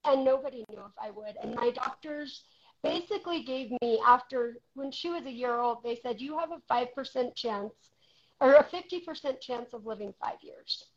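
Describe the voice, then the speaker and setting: A woman in her forties shares her own story as a guest, speaking in a heartfelt and candid way. Her voice is high-pitched and rises and falls in loudness. The recording sounds dull and lo-fi. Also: normal speed. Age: 40s. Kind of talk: personal testimony in conversation.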